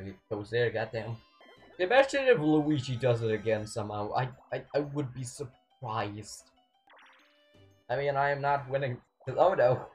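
A young man commentating his own gameplay, excitable, swinging between yelling and muttering at the game. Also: medium pitch. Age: young adult. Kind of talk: let's play commentary.

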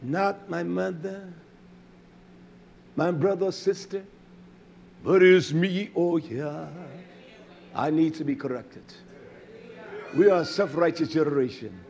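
Slow high-voiced preacher, swelling to shouts. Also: male voice, gravelly. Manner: slow, swelling preaching, rising to shouts then dropping low; repetitive emphatic phrasing with many fillers. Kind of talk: sermon.

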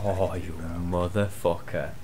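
A young man giving loud, swear-filled live commentary on his own gameplay, shouting out reactions as he plays. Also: low-pitched, level tone, takes it slowly, noisy background. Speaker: gaming channel host.

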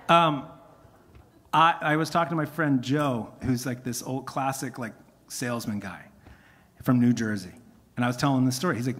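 A man with a medium-pitched, somewhat bright voice speaks animatedly at a moderate pace, his singer-songwriter's voice worn out from singing. On a music venue stage during a concert, he tells rambling stories between songs, often interrupting himself. The audio is a live concert stream with a long hall reverb.

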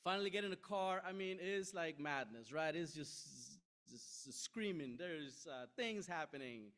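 A middle-aged man preaching a sermon, telling a story with lively asides and frequent "right?" checks to the room. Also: on the high side, normal speed. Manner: animated, self-deprecating anecdote with frequent "right?" asides. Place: church sanctuary.

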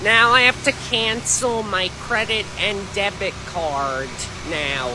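A man playing a deadpan young character who talks very slowly and flatly in a comedy clip. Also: high-pitched, noisy background. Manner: very slow, flat delivery.

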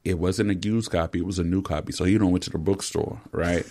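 A middle-aged pastor co-hosts a podcast, speaking fast in a low, steady, darkish voice. His casual pastoral talk is earnest and encouraging, and he often repeats words when starting a thought.

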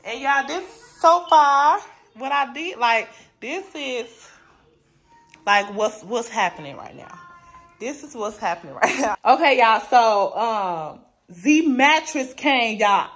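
A woman's voice: a little high, expressive, slow, fairly bright tone. A tired, emotional woman vlogger giving a casual tour of her new apartment, talking straight to her viewers while holding a phone camera. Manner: chatty, keeps addressing viewers as y'all. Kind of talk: casual home tour vlog. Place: new apartment and building common areas, indoors.

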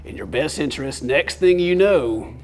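A man's voice: fairly high pitch, animated, normal speed, gravelly, faint music behind. A man voicing a Southern male survivor in a put-on Georgia drawl. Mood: grumbling.

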